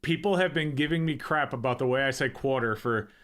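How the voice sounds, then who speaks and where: A man hosting a casual livestream chat, relaxed and thinking aloud as he talks. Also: medium pitch, a little fast. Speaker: livestream host.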